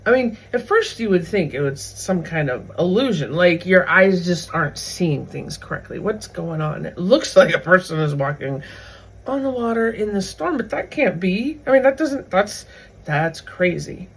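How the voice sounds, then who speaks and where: A woman hosts her own faith video series and retells a scripture passage in plain everyday words. Her voice is gravelly with a husky edge, and she keeps stopping for casual asides to the viewer. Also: lowish voice, big pitch swings, normal speed, low-quality recording. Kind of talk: casual Bible teaching.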